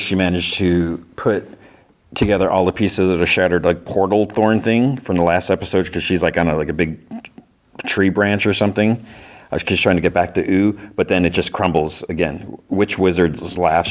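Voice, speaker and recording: A man's voice: low voice, fairly even intonation, normal speed. A man hosting a podcast, casually recapping an episode in a rambling way full of fillers. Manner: rambling, heavy use of "like". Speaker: podcast host.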